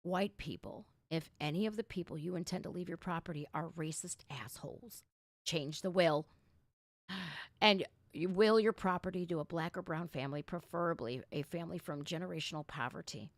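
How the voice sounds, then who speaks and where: A woman's voice: lowish voice, normal speed, no echo. Blunt sarcastic woman livestream host. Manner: blunt, sarcastic, swears freely. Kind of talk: reaction commentary. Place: at home.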